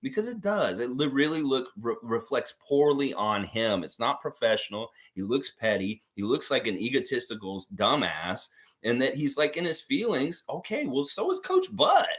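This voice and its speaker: A man's voice: medium pitch, sing-song, moderate pace, fairly bright tone. A man hosting a live sports fan stream, ranting heatedly about coaches, swearing and laughing as he talks.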